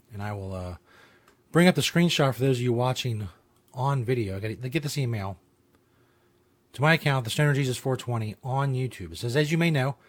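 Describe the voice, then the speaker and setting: A man hosting his own talk show, rambling casually with lots of fillers, restarts and swearing. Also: medium pitch. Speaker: show host. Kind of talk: casual podcast monologue.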